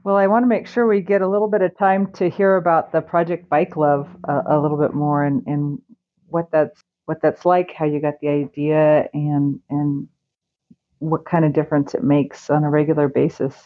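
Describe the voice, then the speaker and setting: Low-voiced woman hosting an interview. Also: little pitch movement, moderate pace, phone-quality sound. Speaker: podcast host. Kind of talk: casual interview.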